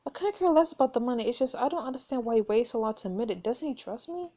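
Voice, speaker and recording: A woman's voice: a little high, lively intonation, fast talker, dark tone. A woman voicing a young noblewoman in a story game, confiding her worries about her fiancé in an earnest way. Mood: worried.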